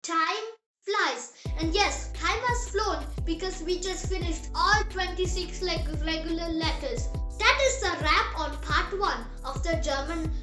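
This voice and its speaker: Very high-pitched child teaching slowly. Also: music in the background. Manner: upbeat, encouraging, spells out sounds slowly. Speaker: language teacher, channel host. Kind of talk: scripted language lesson. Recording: roomy echo.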